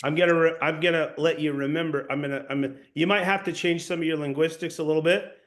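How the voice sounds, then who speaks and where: Man coaching sales, slightly high voice. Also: steady tone, fast, fairly bright tone, slight background noise. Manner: instructive, repeats and restarts phrases. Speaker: sales trainer. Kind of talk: coaching a practice session.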